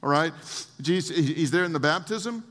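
Male pastor, slightly high voice, animated preaching, long hall reverb. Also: moderate pace. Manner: animated, lively preaching with laughs and asides. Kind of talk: sermon.

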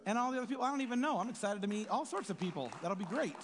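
A man's voice: high-pitched, lively intonation, rapid-fire, background noise. A man giving an informal, rambling sermon in a conversational way, often asking "right?". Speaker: preacher. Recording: reverberant hall with soft music.

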